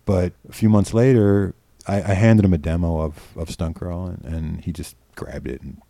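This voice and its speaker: On a close podcast mic, a middle-aged filmmaker from New York tells stories in a rambling, casual way, full of restarts, repeated words, and plenty of swearing. He has a low, gravelly, dark voice with a steady tone at a moderate pace, and no echo, in a casual storytelling interview.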